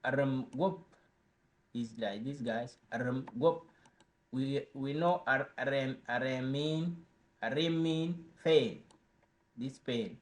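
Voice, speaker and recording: Slow-speaking man teaching words. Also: mid-range voice. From South Sudan. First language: Dinka. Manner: repeats words slowly, chatty asides to viewers. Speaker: language teacher. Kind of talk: casual vocabulary lesson.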